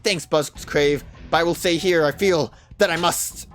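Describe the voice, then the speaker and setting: A man's voice: a little high, fairly even intonation, unhurried, a bit bright, soft background music, pitched above the performer's own voice. A man voicing a noble young male prince who gives his final orders resolutely. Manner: commanding, resolute.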